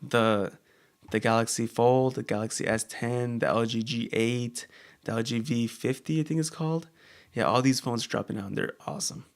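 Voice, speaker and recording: A man with a mid-range voice co-hosts a casual chat show, speaking haltingly with lots of fillers and restarts.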